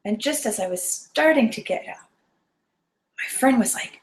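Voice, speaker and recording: A woman's voice: a little high, expressive, normal speed, long pauses, roomy sound. A woman telling a personal story to an audience, earnest and vivid, sometimes dropping to a whisper. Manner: earnest and vivid, drops to a whisper at tense moments.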